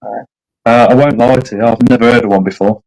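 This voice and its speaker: A man's voice: medium pitch, fairly even intonation, creaky, darkish tone. A man chats casually on a livestream from his mobile phone. He stumbles, repeats himself and drags out difficult names syllable by syllable. The sound is a plain phone call. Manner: stumbling, repeats words, slows over hard names. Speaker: livestream host. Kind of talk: casual chat. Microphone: phone on a video call.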